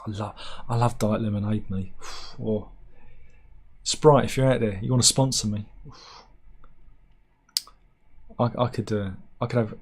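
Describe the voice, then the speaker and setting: A man's voice: fairly low pitch, steady tone, slow, pauses often, slightly rough. A man giving rambling, sarcastic comic commentary on news stories, with mock-serious asides. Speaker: satirical news vlogger.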